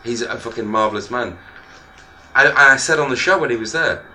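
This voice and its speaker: A man co-hosting a podcast, excitable and bawdy in crude casual banter. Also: mid-range voice, brisk, slight background noise.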